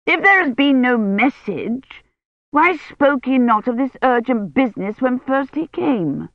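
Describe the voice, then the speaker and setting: A woman's voice: high voice, lively intonation, dry recording, pitched above the performer's own voice. A woman doing a prying medieval noblewoman. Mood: suspicious. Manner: slow, prying questions. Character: imperious noble lady, sister-in-law, suspicious. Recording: dry, dull lo-fi audiobook recording.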